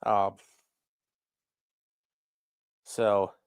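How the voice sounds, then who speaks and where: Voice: deep voice, little pitch movement, drawn-out words, smooth, no echo, studio quality. A defense attorney hosting a casual livestream, reading viewer chat aloud and answering in a blunt, profane way.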